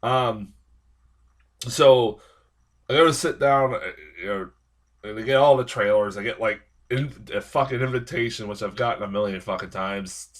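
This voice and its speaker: A man's voice: lowish voice, moderate pace. Profane, rambling man reviewing a movie. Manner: rambling and heavily profane, with frequent fillers; exasperated ranting. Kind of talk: casual spoken film review.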